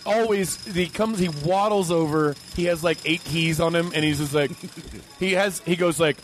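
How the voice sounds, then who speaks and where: A man guesting on a comedy podcast, quick and playful as he sets up improvised characters. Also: a little high, slight background noise.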